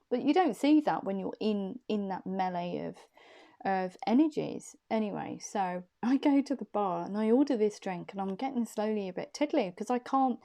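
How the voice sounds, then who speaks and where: Mellow-voiced woman telling a story. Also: mid-range voice. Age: young adult. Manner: chatty, self-deprecating, laughs at herself. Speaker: intuitive reader. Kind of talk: casual storytelling to camera.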